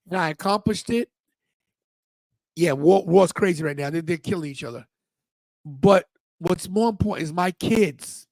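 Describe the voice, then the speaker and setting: A man's voice: high voice, no room sound. A middle-aged man hosting a podcast, telling a personal story with emotion and acting out the people in it. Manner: emotional, animated retelling with quoted voices. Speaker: podcast host. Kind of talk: storytelling monologue.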